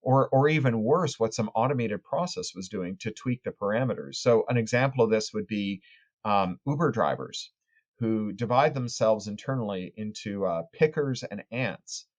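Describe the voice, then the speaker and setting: A man's voice: fairly low pitch, expressive, normal speed. A man, an author and tech critic, answering podcast interview questions in long, articulate explanations with frequent small restarts.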